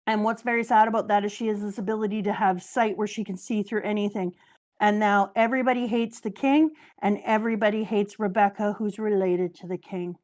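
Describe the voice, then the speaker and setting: A woman co-hosting a casual chat, playfully recapping a story with lively energy. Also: mid-range voice, brisk. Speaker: co-host.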